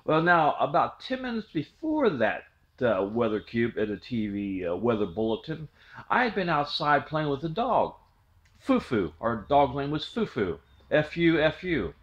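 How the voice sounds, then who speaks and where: A man's voice: medium pitch, very animated, measured pace. Man, middle-aged, rambling storyteller, repeats himself, dull lo-fi sound. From southwest Ohio. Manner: rambling, repeats words, restarts. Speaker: channel host telling a memory. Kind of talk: casual storytelling.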